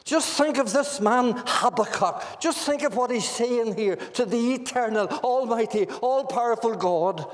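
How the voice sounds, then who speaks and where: Earnest Northern Irish preacher in a hall. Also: male voice, very high-pitched, a little slow, hardly any pauses. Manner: earnest preaching, rhetorical questions to the congregation. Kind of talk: sermon. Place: church meeting hall.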